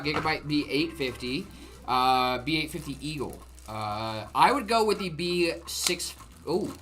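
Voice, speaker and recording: A man co-hosting a live stream, answering chat questions about PC hardware in a relaxed, friendly way. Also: a little high, a little hiss or hum. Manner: relaxed, friendly, fillers and "brother".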